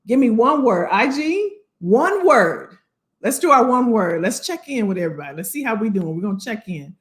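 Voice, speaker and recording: A woman's voice: on the high side, big pitch swings, normal speed. A woman hosting a casual livestream, upbeat and chatty, greeting viewers by name and talking straight to the commenters. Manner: talks to unseen commenters. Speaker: livestream host, career coach.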